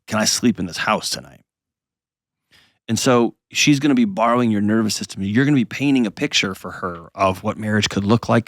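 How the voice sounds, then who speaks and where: A man's voice: mid-range voice, dry recording, clean studio sound. A man hosting an advice show, talking earnestly and reassuringly to a caller. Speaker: host.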